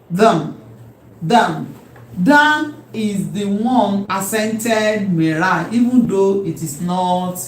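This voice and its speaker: A woman teaching a language lesson, repeating key terms slowly and emphatically. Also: mid-range voice, a little hiss or hum. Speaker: Hebrew teacher. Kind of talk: classroom lecture. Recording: echoey room with faint ambience.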